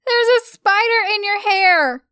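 A shrill, giggly young prankster who teases and shrieks, as a woman storyteller puts her on. Her voice rides high and carries a smooth, clean tone with a dry, close sound. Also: lively intonation, slow, sharp tone, no room sound, exaggerated voice. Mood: shrieking.

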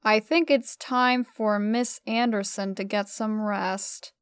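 A woman voicing a smug, creepy adult man who speaks slowly and quietly. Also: mid-range voice, fairly even intonation, clear, resonant tone, no echo, studio quality, lightly acted.

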